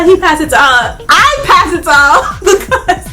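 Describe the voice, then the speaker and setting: A young woman telling a casual storytime vlog, animated and laughing often, talking straight to her viewers. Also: very high voice, normal speed, soft background music. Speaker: vlogger.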